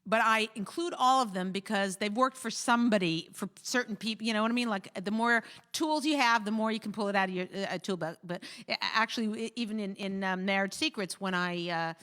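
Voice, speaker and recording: A woman hosting a talk show, giving casual marriage advice in an animated way and acting out quoted voices. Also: mid-range voice, brisk, hardly any pauses. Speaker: host.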